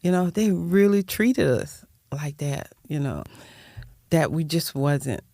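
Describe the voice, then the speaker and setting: Older woman, gravelly voice, heartfelt and rambling, close dry mic. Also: low voice, animated, slow pace, mellow, dry recording. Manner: rambling, heartfelt, repeats words. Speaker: guest, nonprofit founder. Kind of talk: personal storytelling in interview.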